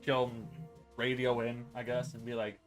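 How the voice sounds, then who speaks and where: A man narrating as game master in a casual tabletop session, with quick offhand asides. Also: mid-range voice, monotone, over loud music.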